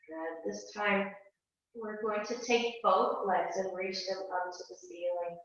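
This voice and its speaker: A woman teaching a yoga and Pilates class, calmly talking students through each breath and movement. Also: medium pitch. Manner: calm, slow cueing of breath and movement. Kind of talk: guided exercise instruction. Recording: distant, echoey and dull.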